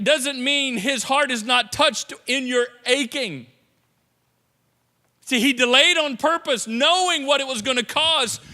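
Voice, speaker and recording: A male pastor delivers a lively sermon, joking and swinging from hushed to loud. His voice is high and very bright. Long reverb from the sanctuary trails every phrase. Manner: animated, joking, swings between soft and loud. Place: church sanctuary.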